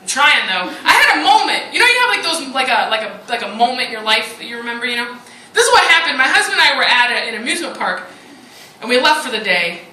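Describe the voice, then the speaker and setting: On a comedy club stage, a woman stand-up comic delivers her set in a high, bouncy voice, very animated and fast. Her banter is chatty and self-mocking, full of "like" and "you know," captured from a distance in an echoey, roomy live recording with loud crowd noise.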